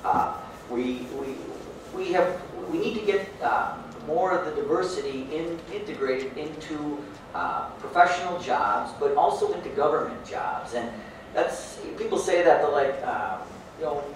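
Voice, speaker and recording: Halting man speaking in a big echoey hall. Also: a little high. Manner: halting, repeats words. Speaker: mayor in a debate. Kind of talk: debate answer. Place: large echoey hall, heard from far off. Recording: echoey hall, distant mic, faint hiss.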